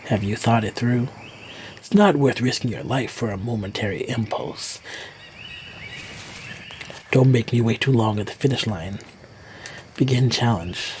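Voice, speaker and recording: An actor playing an old male challenger master in a video game, measured and gently taunting. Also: medium pitch, slight background noise, close to an everyday voice. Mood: challenging. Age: older. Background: game music.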